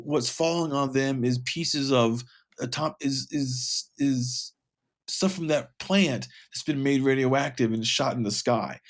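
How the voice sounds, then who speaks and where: A man co-hosting a podcast in casual chat, rambling and emphatic. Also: mid-range voice. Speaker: podcast co-host.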